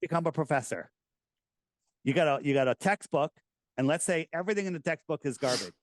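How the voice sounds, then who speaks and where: A middle-aged American man talking casually in an interview, animated and rambling, with many restarts. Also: a little high, a little fast, no echo. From United States. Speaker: podcast host, guest.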